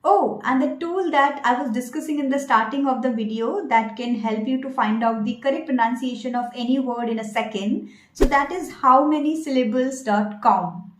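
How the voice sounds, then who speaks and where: A woman who is an English pronunciation coach, giving an online lesson slowly and deliberately, repeating each word for learners. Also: sits high, a little hiss or hum. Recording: echoey room.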